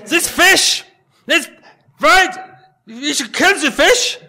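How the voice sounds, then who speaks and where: A man improvising an impression of a ranting male dictator, barking a loud, stumbling tirade. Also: extremely high pitch, expressive, slow pace, pitched above the performer's own voice, full character voice.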